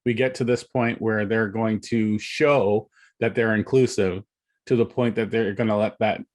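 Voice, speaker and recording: A man's voice: fairly low pitch, steady tone, normal speed. A man co-hosting a casual podcast chat, offhand and dismissive. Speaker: podcast co-host.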